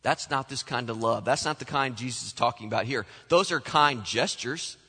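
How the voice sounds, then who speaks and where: A man preaching a sermon as pastor, animated, acting out the voices he quotes. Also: medium pitch, normal speed, slightly rough. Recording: long hall reverb.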